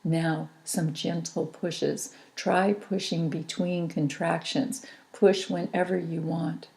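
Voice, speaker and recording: A woman narrator voicing a calm, gentle doctor at a home birth, giving quiet, soothing instructions. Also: mid-range voice, takes it slowly, gravelly, poor audio.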